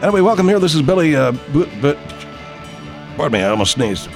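A man in his sixties hosting a live stream, rambling in profane, animated casual chat. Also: a little high, fast talker, loud music behind the voice.

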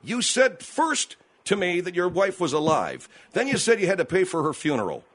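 Lively-voiced skeptical male radio host. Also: high-pitched, normal speed. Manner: pressing, skeptical, questioning. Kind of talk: call-in radio talk.

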